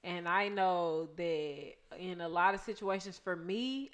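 A woman talking openly in a casual conversation, direct and quick to laugh. Her voice sits somewhat low for a woman. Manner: frank, direct, laughs easily. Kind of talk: casual chat.

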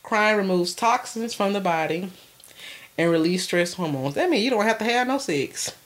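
A woman's voice: medium pitch, lively intonation, moderate pace. A woman co-hosting a casual podcast, joking and rambling off topic. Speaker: podcast co-host. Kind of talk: casual chat.

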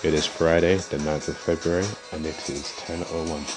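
A man's voice: rumbling low, flat delivery, moderate pace, music in the background. A man hosting his own vlog, greeting viewers with a hyped, upbeat manner. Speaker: vlogger. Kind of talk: casual vlog intro.

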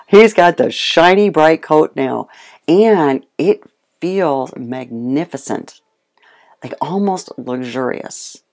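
Guest speaker: animated casual storyteller, mid-range pitch, frequent laughs. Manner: animated storytelling, acts out quotes; laughs often. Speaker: guest speaking on homemade dog food. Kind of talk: casual chat.

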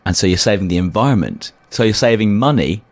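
A man co-hosting a comedic podcast, lively and playfully mock-outraged, laughing often. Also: lowish voice, fast. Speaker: podcast co-host. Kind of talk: casual comedic podcast chat.

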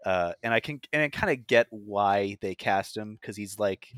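A man's voice: lowish voice, moderate pace, fairly bright tone, smooth, dry recording. A man co-hosting a casual podcast chat with dry, laid-back remarks. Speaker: podcast co-host.

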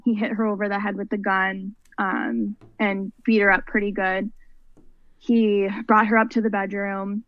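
Brief: young woman guest, earnest rambling storyteller, mid pitch, dull dry recording. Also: a bit bright, dry recording. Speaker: guest, mental health advocate. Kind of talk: personal story in a podcast interview.

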